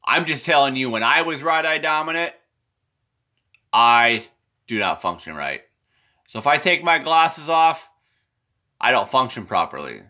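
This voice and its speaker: Rambling bright-voiced man explaining drawings. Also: medium pitch, sing-song, measured pace, pauses often. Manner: meandering, repetitive, self-correcting. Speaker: presenter explaining his drawings.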